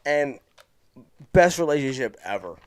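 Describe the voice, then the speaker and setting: A young man co-hosting a casual podcast chat, playful and teasing, quick to exclaim. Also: mid-range voice, sing-song. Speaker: podcast co-host.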